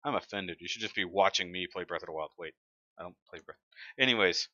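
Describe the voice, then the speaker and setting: Bright-voiced man, chatty stream host. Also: low voice, fast talker, dry recording. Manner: chatty, reads comments aloud, joking. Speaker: livestream host. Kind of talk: casual live-stream chat. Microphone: desk mic. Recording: dry, dull lo-fi sound.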